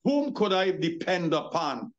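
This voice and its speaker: A man preaching a sermon as pastor, emphatic, with drawn-out words and pauses, calling his listeners beloved. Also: high voice, big pitch swings, muffled recording.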